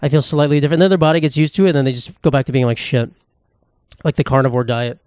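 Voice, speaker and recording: A young man hosting a casual solo podcast, rambling and joking with lots of profanity and quick asides. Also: medium pitch, darkish tone, clean tone, no room sound, clean studio sound. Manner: rambling, profane, jokey, fast-talking. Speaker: podcast host.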